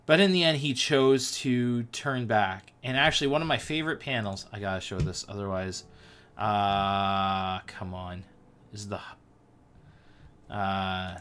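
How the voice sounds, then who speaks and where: A man's voice: on the low side, measured pace, a bit bright, a little hiss or hum. A man hosting a casual livestream, chatting animatedly about comics and scripture and talking straight to his viewers. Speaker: host.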